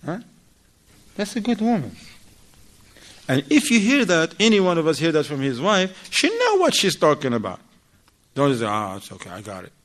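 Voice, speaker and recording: A man giving a religious lesson to a class, animated and questioning his listeners directly. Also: sits high, normal speed, long pauses. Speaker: religious teacher.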